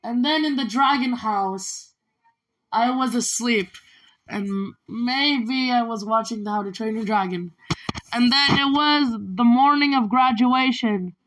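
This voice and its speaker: A woman recounts a personal story in a vlog. Her voice sits a little high and bright. She speaks slowly and strings each event onto the last with "and then". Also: poor audio. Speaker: vlogger.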